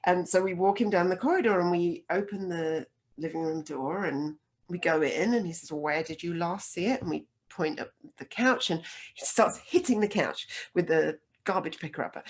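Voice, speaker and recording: A woman's voice: on the low side, normal speed, slightly rough. A woman telling a funny personal story on stage, acting out the voices of the people in it. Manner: animated, acts out quoted voices.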